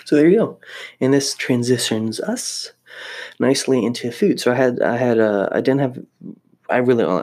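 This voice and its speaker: A man's voice: medium pitch, animated, moderate pace, a little mellow. A young man chatting casually to the camera, rambling and self-deprecating, with lots of restarts. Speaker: vlogger living in Japan.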